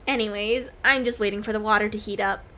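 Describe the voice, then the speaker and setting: A woman voicing a sleepy, laid-back young frog lounging in a warm pot, reading its lines aloud in a game. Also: mid-range voice, fairly even intonation, quick pace, faint music behind, close to an everyday voice. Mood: lazy.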